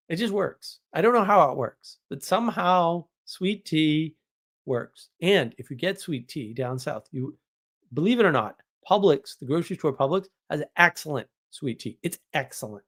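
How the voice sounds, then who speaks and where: A man's voice: fairly high pitch, animated, moderate pace. A man from New England hosting a live stream, chatting casually, rambling and joking with exaggeration as he answers viewers. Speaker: live stream host reading chat.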